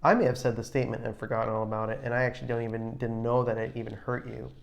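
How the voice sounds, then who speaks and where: A man co-hosting a podcast with his wife, talking in a measured, reflective way with frequent restarts. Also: medium pitch, little pitch movement, gravelly. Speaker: podcast co-host, husband. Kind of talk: casual advice chat.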